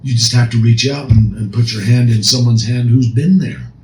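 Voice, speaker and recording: As a counselor co-hosting a recovery podcast, a man speaks earnestly and emphatically in casual discussion, frequently restarting his sentences. His mid-range voice is a little mellow at normal speed, recorded in an echoey room with faint noise.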